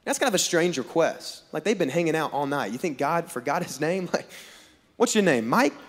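High-voiced preacher in a reverberant hall. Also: male voice, a little fast. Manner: animated, acts out dialogue in voices, jokes with the crowd. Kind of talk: sermon with comic storytelling. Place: large hall with a live audience on stage.

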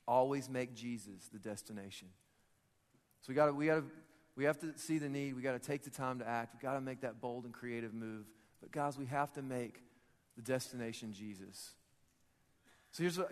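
A man preaching a sermon, conversational and repetitive, rising to emphatic peaks. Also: mid-range voice. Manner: conversational, repeats words, rises to emphatic peaks. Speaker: pastor. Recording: reverberant hall with soft music.

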